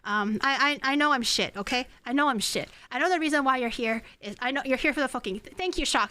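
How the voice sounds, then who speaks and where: A woman's voice: high-pitched, fast, hardly any pauses, bright, forceful tone, clear, resonant tone. A woman streaming herself cooking at home, chatting casually, self-mocking and swearing. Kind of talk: casual cooking livestream chat.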